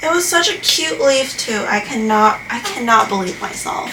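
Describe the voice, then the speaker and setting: Slow chatty woman doing plant chores, kinda high voice, echoey room with noise behind. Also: animated, far from the mic. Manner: chatty, self-deprecating, exclaims often. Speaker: plant vlogger. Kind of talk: casual chat while doing chores.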